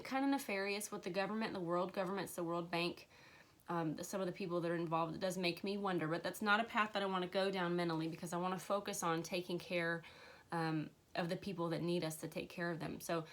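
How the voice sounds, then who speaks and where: A woman's voice: fairly low pitch, fairly even intonation, brisk. Earnest woman with a cold, spiritual livestream. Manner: earnest, emotional, with frequent fillers and soft laughs. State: has a cold, occasional cough. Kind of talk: casual spiritual livestream talk. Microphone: livestream camera mic.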